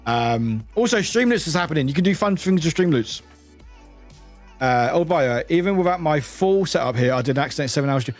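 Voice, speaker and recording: A young British man in casual stream chatter, his pitch bouncing lively up and down as he laughs and swears. He talks straight to his viewers and shouts them out by name. Faint music plays underneath. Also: brisk. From United Kingdom. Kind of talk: casual live-stream chat.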